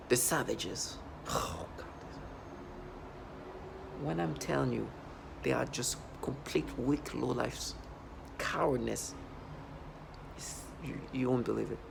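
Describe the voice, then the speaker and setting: Gravelly man ranting into camera. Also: mid-range voice, slow, long pauses, background noise. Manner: agitated and repetitive, swings from muttering to loud outbursts. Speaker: vlogger. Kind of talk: ranting video monologue.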